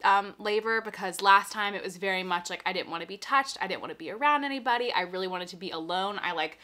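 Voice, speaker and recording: A woman's voice: medium pitch, quick pace, sharp tone. A young pregnant woman, a little out of breath, casually explaining and reassuring as she answers viewer questions.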